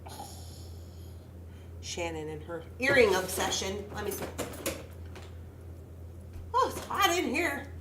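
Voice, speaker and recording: A woman's voice: mid-range voice, very animated, slow pace, pauses often, background noise. A young woman hosting a casual livestream, chatting to viewers and talking to herself as she makes jewelry. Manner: chatty, talks to herself while working, greets viewers by name. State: pregnant. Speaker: livestream jewelry-making host. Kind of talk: casual livestream chat while beading.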